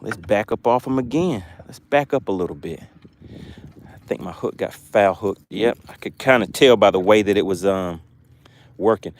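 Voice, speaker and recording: A man's voice: lowish voice, moderate pace, slight background noise. A man on a lake boat hosting a casual fishing livestream, chatting and reading viewer comments aloud. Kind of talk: casual live-stream commentary.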